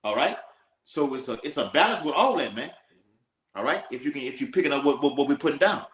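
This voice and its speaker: A man's voice: mid-range voice, expressive, fast talker, fairly bright tone. A man teaching scripture in an emphatic, preacherly way, checking in with "all right?". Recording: echoey room.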